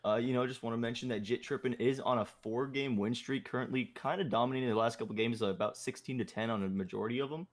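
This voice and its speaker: A man's voice: medium pitch, quick pace, few pauses. A man doing color commentary on a live esports match, in a casual, loose way full of fillers. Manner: casual, filler-heavy with frequent "uh, you know".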